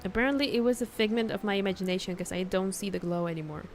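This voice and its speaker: A woman's voice: mid-range voice, fast talker. A young woman streaming a game, chatting casually and rambling, stumbling over words, with hiccups. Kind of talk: casual gameplay commentary. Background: game music.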